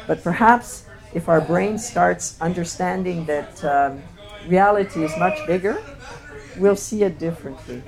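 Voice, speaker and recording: A woman presenting her photographs to an audience, speaking reflectively and often pausing on fillers and restarts. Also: fairly low pitch, darkish tone. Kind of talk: slide talk to an audience.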